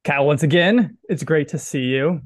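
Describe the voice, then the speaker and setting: A man's voice: a little high, moderate pace, soft background music. A man with a Southern US accent hosting a casual podcast chat in a joking, self-deprecating way. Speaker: podcast host.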